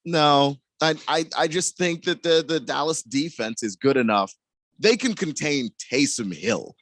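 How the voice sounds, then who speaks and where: A man's voice: a little high, lively intonation, a little slow, a bit bright, dry recording. Give me a man co-hosting sports radio, stammering through a game breakdown in a dry studio. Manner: analytical, stammers on first words. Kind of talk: sports talk radio analysis.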